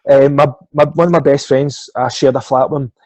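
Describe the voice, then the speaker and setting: A man's voice: medium pitch, steady tone, fairly quick, darkish tone, no echo. A middle-aged Scottish man, a swimming coach, telling a long sporting anecdote in casual chat, swearing freely and acting out the voices of the people in it. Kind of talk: casual storytelling interview.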